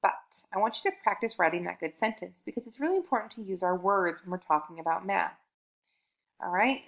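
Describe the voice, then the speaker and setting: A young woman teaching a recorded math lesson to kindergarteners, upbeat and encouraging, counting aloud slowly and drawing out key sentences. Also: mid-range voice, vocal fry.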